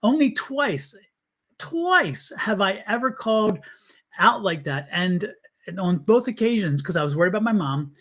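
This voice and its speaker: Guy with a fairly high voice doing a live tarot stream, blunt and chatty, talks straight to viewers. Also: sing-song, unhurried, fairly bright tone. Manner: earnest, blunt and chatty, addressing viewers directly. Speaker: tarot reader and livestream host.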